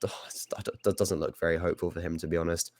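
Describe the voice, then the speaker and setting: A man's voice: deep voice, flat delivery, fast talker, darkish tone, no echo. A young man giving easygoing color commentary on a live esports match, with hesitant restarts and frequent laughs. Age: young adult.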